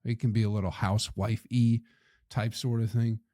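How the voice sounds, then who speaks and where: A man's voice: on the low side, flat delivery, normal speed, dark tone, no echo, studio quality. Rambling, profane man telling a story. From Flint, Michigan. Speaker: podcast host, comedian.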